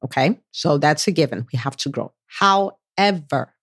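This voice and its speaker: A woman preaching a sermon on a Bible story, animated, often jumping up in pitch to act out voices. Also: moderate pace, slightly rough, no echo, studio quality. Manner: animated, acts out voices of God and listeners with big pitch jumps.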